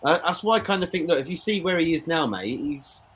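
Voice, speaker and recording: A man's voice: on the high side, lively intonation, a little fast, a bit bright, a little hiss or hum. A man co-hosting a football watchalong, chatting casually and opinionated, calling his co-host "mate". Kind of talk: casual live match chat.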